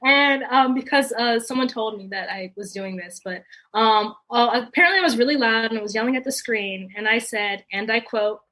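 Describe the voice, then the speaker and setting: A woman's voice: a little high, moderate pace, few pauses, sharp tone. A young adult woman, a guest comedian, telling stories in a casual rambling way, with lots of fillers and laughter. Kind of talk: casual podcast storytelling.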